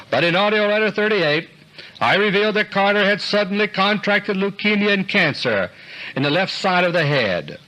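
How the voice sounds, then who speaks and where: Earnest man reading a lively scripted commentary. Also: sits high, rough recording. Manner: deliberate, earnest, slowing for emphasis. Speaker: commentator delivering a recorded audio letter. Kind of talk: scripted political commentary monologue.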